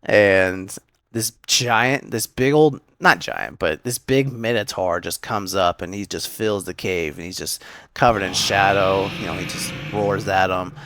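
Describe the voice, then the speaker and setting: Deep-voiced man rambling through an anime recap. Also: a bit bright, dry recording. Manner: rambling, filler-heavy retelling with quick acted quotes. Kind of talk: casual episode breakdown.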